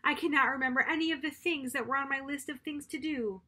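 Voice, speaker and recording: A woman voicing a fretful male toad who clings to his to-do list, reading a bedtime storybook and getting loud and high when upset. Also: quick pace. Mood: worried.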